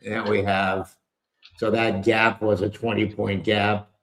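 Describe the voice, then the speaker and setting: A man's voice: on the low side, level tone, slow pace, a bit bright, roomy sound. A man hosting a live trading stream, giving casual market commentary in a rambling, wry way with loose asides and mild cursing. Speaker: trading show host. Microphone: earpiece with a microphone.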